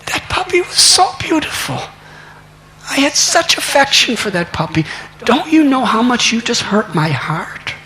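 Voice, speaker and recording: A man acting out an upset little boy who pleads with his mother, his voice high and hurt. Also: big pitch swings, measured pace, sharp tone, full character voice. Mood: hurt pleading.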